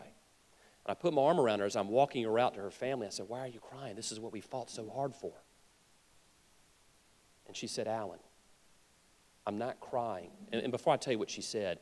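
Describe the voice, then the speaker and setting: A man's voice: medium pitch, a little mellow. A man who is a state attorney general, giving an earnest, emphatic political convention speech with frequent restarts, speaking into a podium mic in a convention hall. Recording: long hall reverb.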